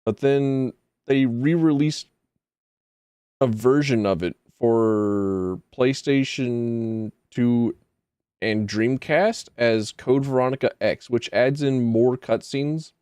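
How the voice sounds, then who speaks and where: A man's voice: mid-range voice, slow, darkish tone, smooth, no room sound. A man streaming a video game, chatting casually and rambling with jokey, self-deprecating asides. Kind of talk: casual gaming stream chat.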